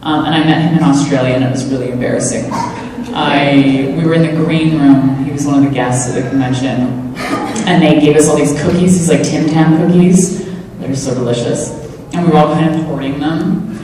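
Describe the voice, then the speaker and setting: Low-voiced woman in an echoey hall. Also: a little fast, distant mic, crowd noise. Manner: chatty, self-deprecating, animated storytelling. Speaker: panel guest. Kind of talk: convention Q&A answers. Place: large convention hall.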